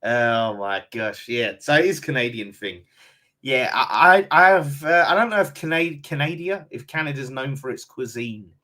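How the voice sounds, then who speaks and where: A man's voice: medium pitch, lively intonation, normal speed, pushed and bright. A man with an Essex accent hosting a casual fan live stream, reading out viewer comments in a blunt, chatty way and calling everyone mate. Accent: London and Essex.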